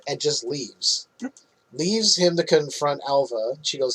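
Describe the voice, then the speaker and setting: A man hosting a casual podcast, recapping a movie scene by scene. His voice is a little high and husky. He swears freely and laughs easily. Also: normal speed, fairly bright tone, low-quality recording. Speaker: podcast host.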